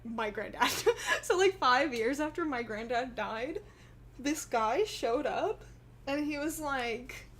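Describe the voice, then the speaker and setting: A woman's voice: high-pitched, lively intonation, slow pace, fairly bright tone, slight background noise. A young woman from Texas telling a family story in a casual vlog, rambling and giggling often. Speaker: vlogger.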